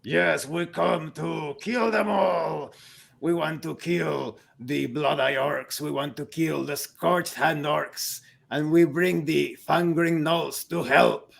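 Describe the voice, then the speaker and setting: A man voicing a proud, blunt male orc chieftain who talks in slow, halting speech. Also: fairly high pitch, vocal fry, exaggerated voice.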